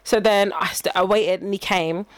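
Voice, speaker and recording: A woman's voice: medium pitch, steady tone, moderate pace, no room sound. A young woman chatting casually, telling stories and acting out the people in them with lots of laughter. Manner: laughing storyteller, acts out quoted lines. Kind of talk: casual chat.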